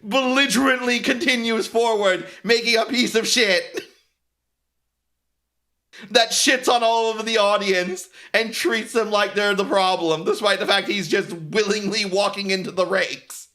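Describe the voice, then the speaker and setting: Man, VTuber streamer, sarcastic ranting, swearing, high bright voice, lively. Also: a little slow. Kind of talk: casual stream rant.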